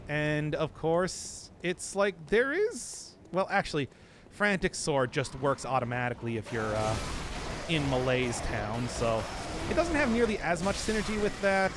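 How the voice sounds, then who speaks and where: A man's voice: on the high side, very animated, a little slow, background noise. A man streaming a video game, chatting casually in a rambling, joking way and laughing often. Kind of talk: casual live-stream commentary.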